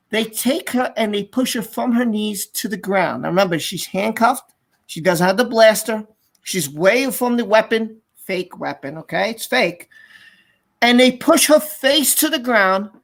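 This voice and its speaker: A man hosting a casual live stream, telling stories in an excited, rambling way and reading out viewer comments. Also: extremely high pitch.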